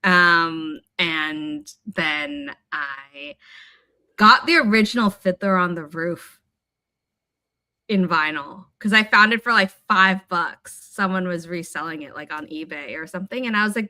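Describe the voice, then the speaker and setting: A chatty woman hosts a casual writing livestream from home, her voice bright and clear. She rambles through stories with lively asides, and the sound is dry and close with little room echo. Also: fairly low pitch, a little slow. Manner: chatty, rambling, animated storytelling. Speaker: writing sprint host.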